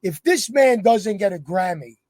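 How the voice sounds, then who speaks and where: A male podcast host interviewing a guest admiringly, hesitant and filling pauses with "uh" and "um". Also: high voice, animated, darkish tone, no echo, studio quality. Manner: admiring, hesitant with many fillers. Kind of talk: casual interview.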